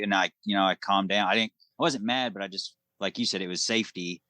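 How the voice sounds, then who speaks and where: Deep-voiced dad telling a story, dry sound. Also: male voice, steady tone, quick pace, few pauses, sharp tone, no echo. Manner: anecdotal, loosely strung story with fillers. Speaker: podcast co-host and father. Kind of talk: casual podcast chat.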